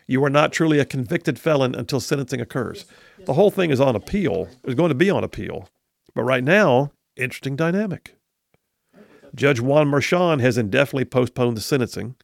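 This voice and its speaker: Gravelly, emphatic male talk radio host. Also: medium pitch, no echo, studio quality. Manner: emphatic, scornful, repeats points for weight.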